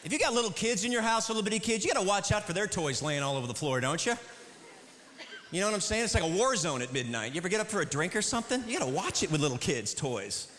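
A man from the American Midwest doing a stand-up comedy set, animated and slipping into silly voices for his jokes. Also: sits high, quick pace. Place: comedy club stage before a laughing audience. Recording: roomy live club recording with audience noise.

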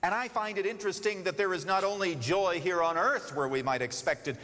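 A man's voice: high-pitched, a little fast. A man preaching a sermon, telling stories with expression and giving the characters their own voices as he urges his listeners. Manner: expressive storytelling, voicing characters, urging listeners. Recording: long reverb of a large hall.

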